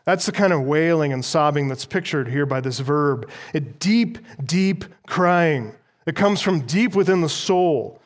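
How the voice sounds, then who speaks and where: A man preaching a sermon as pastor, slowing down to stress key words as he explains a text. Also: fairly high pitch, lively intonation.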